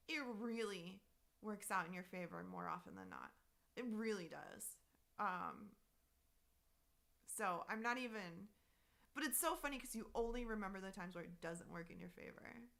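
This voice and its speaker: A woman poker streamer in casual live-stream chat, telling her story in an animated, exasperated way, swearing freely and answering viewer messages. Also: mid-range voice, gravelly.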